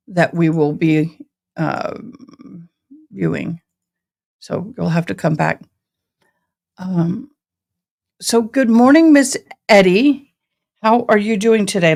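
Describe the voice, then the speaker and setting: A woman in her forties, born in Tennessee and raised in Texas, hosts a laid-back livestream, greeting viewers by name in a folksy manner. Her accent blends East Tennessee and Texas Southern, and her lowish voice is gravelly and slightly mellow.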